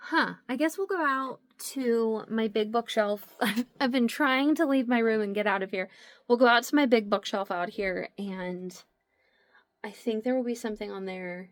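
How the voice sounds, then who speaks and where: A young woman with a slightly high voice chats casually about her books as she carries the camera from room to room. She is bubbly and giggly, with lots of "like" in her talk. The sound is dry, with little room echo. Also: a little slow, long pauses. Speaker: book vlogger. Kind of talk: casual chat while walking around the house. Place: at home, moving between rooms.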